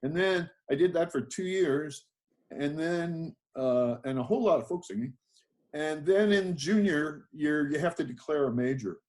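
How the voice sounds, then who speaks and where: A man's voice: fairly high pitch, moderate pace, a little mellow. An older man, a winemaker being interviewed, telling his life story in a rambling, self-deprecating way with many fillers and restarts. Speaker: guest, winemaker.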